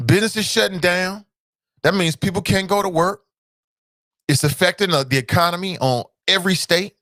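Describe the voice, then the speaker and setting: A male talk show host from Cincinnati, delivering animated solo commentary full of repeated rhetorical questions and sudden high exclamations. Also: normal speed, dry recording, clean studio sound. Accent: Cincinnati, Ohio.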